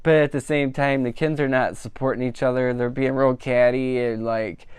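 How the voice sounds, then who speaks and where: A man talks through a movie in a loose, chatty way, leaning on "like" and "you know" as he goes. His voice is smooth and resonant. It sits close and dry, with no room sound around it. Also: medium pitch, normal speed, dry recording. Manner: animated, laughing at the funny parts. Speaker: movie reviewer. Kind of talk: casual spoken film review.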